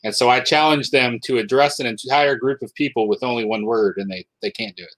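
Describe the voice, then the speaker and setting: A man from South Dakota hosting a casual livestream chat, upbeat and quick to laugh. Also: medium pitch, animated, a bit bright, dry recording, poor audio. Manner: laughs often, chatty and upbeat. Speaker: host.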